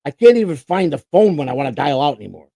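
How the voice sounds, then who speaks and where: A man's voice: a little high, very animated, fast, creaky, warm tone, no echo. A man co-hosting a casual livestream chat, rambling and boastful, repeating his words as he goes. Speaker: co-host.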